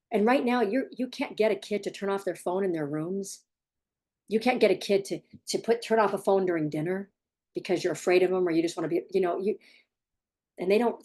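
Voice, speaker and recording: A woman's voice: lowish voice, a little mellow. A woman parenting coach giving blunt, emphatic advice straight to the viewer, repeating points for stress. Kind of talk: direct advice monologue.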